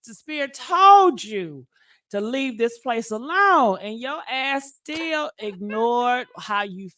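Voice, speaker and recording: A woman's voice: fairly high pitch, animated, slow pace, bright, forceful tone. A woman host, giving emphatic, preachy commentary. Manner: preachy, emphatic, calls people girl. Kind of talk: casual commentary.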